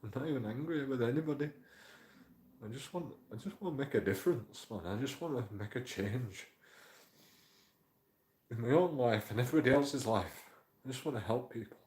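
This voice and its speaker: A man's voice: mid-range voice, a little fast, pauses often, a little mellow. Emotional, swearing man in an echoey room. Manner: emotional, swears a lot, repeats himself. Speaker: YouTube auditor vlogger. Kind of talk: rambling confessional monologue. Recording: roomy echo.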